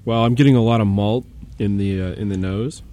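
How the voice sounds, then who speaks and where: A man's voice: on the low side, a little fast, mellow, a little hiss or hum. A man co-hosting a casual beer tasting chat, joking and laughing often.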